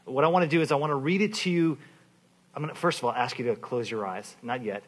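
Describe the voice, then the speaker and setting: A male pastor giving a sermon, talking informally with restarts and fillers, then praying and reading scripture slowly and softly. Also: medium pitch, slightly rough. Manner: informal, restarts phrases, many "kind of" fillers.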